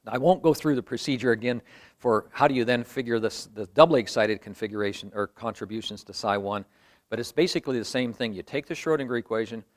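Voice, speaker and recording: A man's voice: medium pitch, fast talker. A man delivering a university lecture in a mid-range voice, walking his listeners through each step with patient explanation. He thinks aloud as he works through the material at the board.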